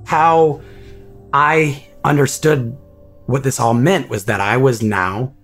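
A man being interviewed, recounting a personal story in a halting, reflective way with many restarts. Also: mid-range voice, fairly even intonation, fairly bright tone, soft background music.

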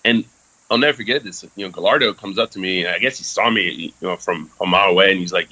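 A man's voice: low-pitched, fast, sharp tone, husky, no room sound, low-quality recording. A man who served in the Army, telling a candid story in casual talk with lots of fillers and some swearing. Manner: frequent fillers, candid and profane. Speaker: interview guest, Army veteran.

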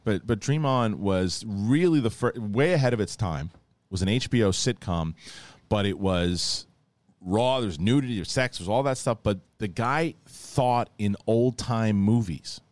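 A man's voice: fairly low pitch, expressive, normal speed, darkish tone, no echo. A man hosting a podcast, chatting casually and retelling TV episodes in a rambling way, with lots of restarts and acted-out quotes. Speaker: podcast host. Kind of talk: casual chat.

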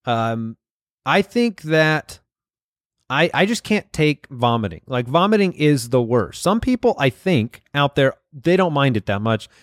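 A man's voice: medium pitch, big pitch swings, a little slow, no room sound, studio quality. A man co-hosting a comedy podcast in casual chat, wry and playful with wordplay, on a remote call mic. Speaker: podcast co-host.

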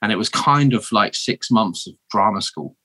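Low-voiced laid-back British man. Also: lively intonation, normal speed, sharp tone. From United Kingdom. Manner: laid-back, chatty, often says "man" and "um". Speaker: podcast guest. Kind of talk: casual interview storytelling.

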